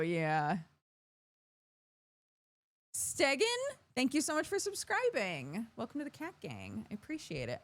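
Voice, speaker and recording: Chatty woman streamer, lively pitch. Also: dry recording. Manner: chatty, reads out chat and thanks subscribers. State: yawning, tired. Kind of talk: casual chat.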